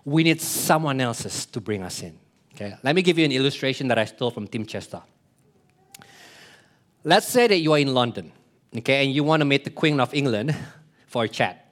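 A man's voice: mid-range voice, expressive, a little fast, long pauses, a bit bright. A man preaching a sermon, explaining earnestly, repeating key phrases and asking the congregation questions. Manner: plays short voices in his illustrations.

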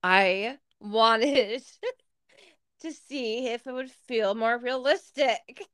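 A woman's voice: a little high, drawn-out words, a bit bright, no echo. A young woman co-hosting a podcast, telling embarrassing stories in a casual, laughing, expletive-heavy way. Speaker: podcast co-host. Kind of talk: casual storytelling chat.

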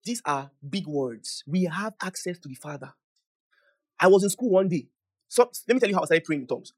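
A young man preaching a sermon, emphatic and animated, swinging from loud declarations to soft asides. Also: sits high, fairly quick. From Nigeria.

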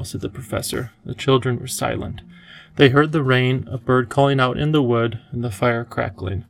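A man narrating an audiobook in a calm, measured storytelling way. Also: mid-range voice, gravelly.

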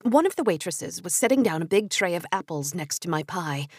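Young woman reading a story out loud, voice jumps around a lot, dead dry sound. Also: on the low side, a little fast, no room sound. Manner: expressive storytelling. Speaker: narrator. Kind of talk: first-person audiobook narration.

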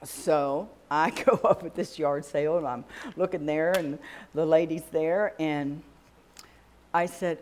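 A woman's voice: low voice, steady tone, a little slow, a little mellow, slight background noise. A middle-aged woman preaching a sermon, telling stories and acting out what was said to her. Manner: storytelling, acts out dialogue with God and others.

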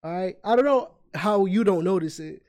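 High voice dude on a podcast, always joking, cuts in a lot. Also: male voice, animated, moderate pace, darkish tone. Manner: joking, teasing, interrupts. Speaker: podcast co-host. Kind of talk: casual podcast chat.

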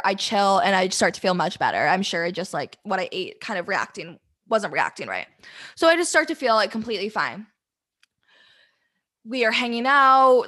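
A woman's voice: medium pitch, a bit bright. Flustered young woman telling a story. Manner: candid, rambling, flustered, swears freely. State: close to tears. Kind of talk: casual storytelling to camera.

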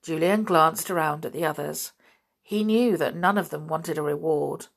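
A woman reading a children's novel aloud in a steady storytelling manner. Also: sits low, moderate pace, gravelly, husky. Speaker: narrator.

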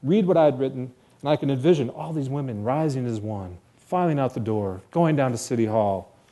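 An American man tells a personal story to an audience in vivid present tense. He is earnest and quick to poke fun at himself. His voice is mellow and warm, at an ordinary pitch. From United States. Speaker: speaker telling a personal story.

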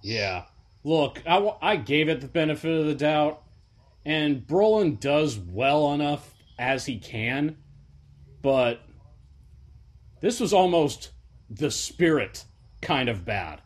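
A man's voice: fairly high pitch, big pitch swings, slow pace, long pauses. A man co-hosting a casual podcast, chatting loosely about movies and quoting lines with a laugh. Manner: laid-back, quotes film lines with laughs. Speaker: podcast co-host. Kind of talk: casual chat.

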